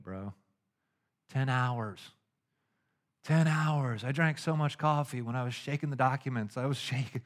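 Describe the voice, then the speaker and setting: A middle-aged man preaching a casual, conversational sermon, animated and slangy, acting out little stories as he goes. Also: fairly high pitch. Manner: animated and casual, with slangy asides and acted-out anecdotes. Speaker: pastor.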